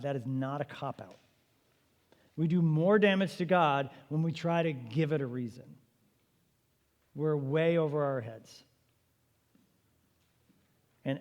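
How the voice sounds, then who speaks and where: A man teaching an apologetics seminar at a church, talking conversationally and emphatically with rhetorical questions. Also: on the high side. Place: church meeting room. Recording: long reverb of a church hall.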